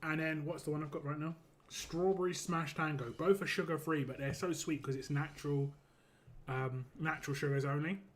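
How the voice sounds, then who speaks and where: A man's voice: fairly high pitch, fairly even intonation, moderate pace. A young man chatting casually and rambling while he streams a mobile game, laughing easily as he talks. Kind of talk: casual live-stream chat.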